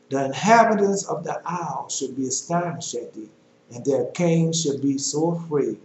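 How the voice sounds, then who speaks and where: A man preaching a sermon, reading scripture aloud in a measured cadence and breaking off into loose talk with fillers. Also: a little high, darkish tone, reverberant, a little hiss or hum, low-quality recording.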